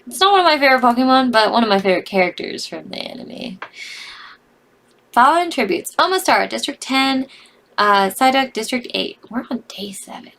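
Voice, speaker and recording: A woman's voice: on the high side, animated, brisk, gravelly, a bit bright. A young woman reading out a game's results and reacting to them with cries and laughter in casual commentary. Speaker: gaming video host.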